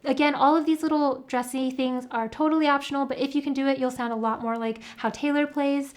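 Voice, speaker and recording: High-voiced woman teaching guitar. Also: steady tone, a little fast, slight background noise. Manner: patient, explains step by step with fillers. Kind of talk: guitar tutorial with playing and singing. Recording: guitar playing heard under the voice.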